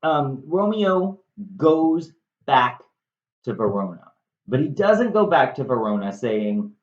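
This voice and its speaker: Speaking slowly in a sing-song, mid-range voice, a man hosts a video where he casually retells a play, adding wry, conversational remarks as a storytelling lesson. The audio is roomy and a little dull.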